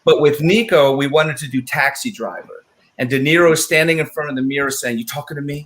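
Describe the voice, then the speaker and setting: A man at a middle pitch tells behind-the-scenes stories in a loose, chatty way. He slips into voices to act out the lines he quotes. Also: brisk, a bit bright. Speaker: writer of the film. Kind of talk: casual storytelling in a live panel.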